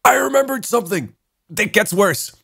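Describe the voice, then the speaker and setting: A man's voice: high-pitched, normal speed, gravelly, slightly rough, no echo, studio quality. A man hosting a podcast, telling a story in casual chat and laughing often as he goes. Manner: animated, laughs through his stories. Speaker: podcast host.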